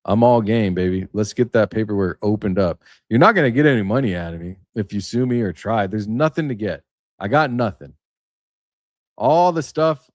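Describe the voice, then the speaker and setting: A man's voice: on the low side, darkish tone, no room sound, clean studio sound. A man hosting a casual livestream, rambling and emphatic, reading aloud and then riffing on it. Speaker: livestream host. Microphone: webcam setup.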